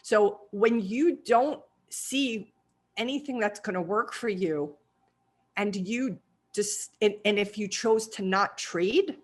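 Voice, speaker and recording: Lady coach host, kinda husky voice, keeps asking gentle probing questions. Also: mid-range voice, slow. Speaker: trading psychology coach and host. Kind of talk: coaching conversation.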